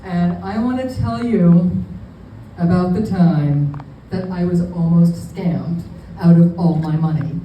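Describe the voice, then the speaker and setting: A woman's voice: on the low side, takes it slowly, warm tone, slight background noise. A woman in her fifties from New York City telling a rambling, self-deprecating stand-up story to a live audience. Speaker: comedian. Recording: echoey venue, mic far off.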